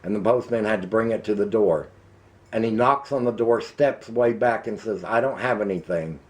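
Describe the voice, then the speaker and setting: Angry low-voiced Ozarks man ranting. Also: fairly even intonation. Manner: heated, emphatic, slows down to hammer points. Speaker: vlogger. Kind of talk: angry political rant to camera.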